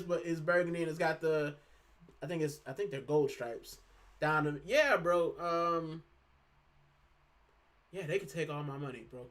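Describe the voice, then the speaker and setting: A man's voice: on the high side, bright, forceful tone. A man from Puerto Rico hosting a football fan channel, talking casually and with animation, full of fillers and "bro". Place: lives in the UK.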